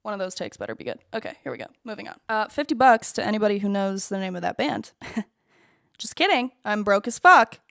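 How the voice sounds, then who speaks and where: Young woman in her twenties, candid vlog monologue, blunt and self-deprecating, curses often, mid-pitched voice, dry close sound. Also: big pitch swings, fairly quick, vocal fry, fairly bright tone, dry recording. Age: 20s. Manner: frank, swears freely, self-deprecating. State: choked up at times. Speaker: vlogger.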